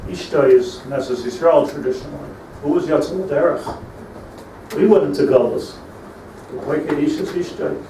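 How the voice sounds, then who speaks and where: A middle-aged rabbi with a fairly high voice preaches a storytelling sermon, dropping Hebrew terms into his English and building to emphatic peaks. He sounds set back from the mic in a roomy, echoing space, with a faint hum of ambience behind him. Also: normal speed, mellow. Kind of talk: sermon on lamentations. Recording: echoey room, mic at a distance, faint ambience.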